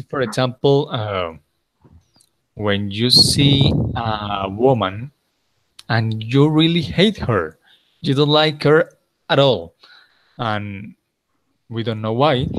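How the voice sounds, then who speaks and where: A man with a mid-range, fairly bright voice, recorded with a little hiss or hum, teaches English grammar in an online lesson. A native Spanish speaker with a Colombian Spanish accent, he is patient, explains step by step, and switches to Spanish to clarify.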